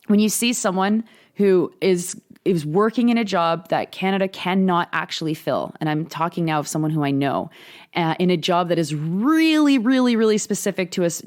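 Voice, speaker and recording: A woman co-host with a slightly low voice talks about politics in a casual, heated way. She sounds indignant and impassioned, often restarting her sentences. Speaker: podcast co-host.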